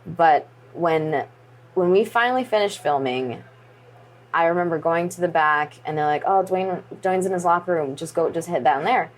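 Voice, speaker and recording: A woman's voice: lowish voice, normal speed. Chatty woman wrestler telling a story. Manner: animated, acts out quoted voices; many fillers like "like" and "you know". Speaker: wrestler, interview guest. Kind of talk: casual interview storytelling.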